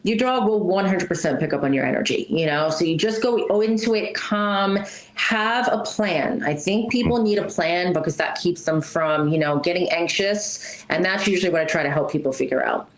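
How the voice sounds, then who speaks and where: A woman's voice: on the low side, normal speed, reverberant, low-quality recording. A woman speaking as a pet wellness guest in a casual interview, blunt and chatty, often adding "right?" and "you know".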